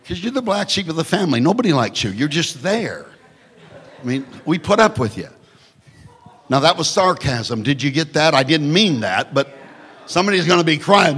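A male pastor preaching a sermon, swinging from shouted lines to hushed near-whispers with joking asides. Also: fairly high pitch, big pitch swings, normal speed, big-room sound.

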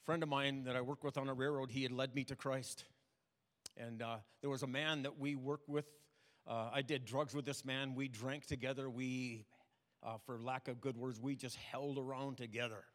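An older man preaching a sermon, telling personal stories in a plain, halting way. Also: medium pitch, fairly even intonation, a bit bright. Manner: plain, halting testimony with restarts. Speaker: pastor. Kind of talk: storytelling sermon. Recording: long reverb of a hall.

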